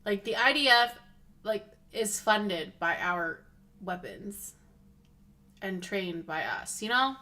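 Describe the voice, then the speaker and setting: A woman's voice: medium pitch, lively intonation, slow pace, sharp tone. A woman streamer giving casual political commentary, rambling with lots of "like" fillers and feeling car sick.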